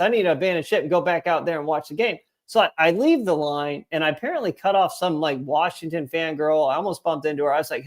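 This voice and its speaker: A man's voice: a little high, a little fast, hardly any pauses. A young man co-hosting a sports podcast, telling rambling, profane stories full of fillers in casual chat. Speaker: podcast co-host.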